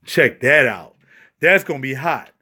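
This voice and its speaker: A man's voice: medium pitch, expressive, unhurried, bright, forceful tone, husky. A man casually showing off his home recording studio to viewers, joking and rambling as he talks. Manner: loose, joking, rambling, addresses viewers as y'all. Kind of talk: casual vlog tour.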